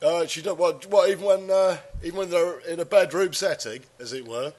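A man's voice: fairly high pitch, brisk, a little mellow. A man co-hosting a podcast, joking around while suffering a head cold and sore throat. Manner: jokey, puts on silly voices, rambling. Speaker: podcast co-host. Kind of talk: joking casual chat.

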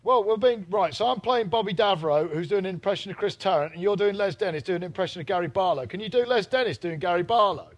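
High-voiced man, teasing. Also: fast talker, hardly any pauses. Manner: playful, teasing banter. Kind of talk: comic casual chat.

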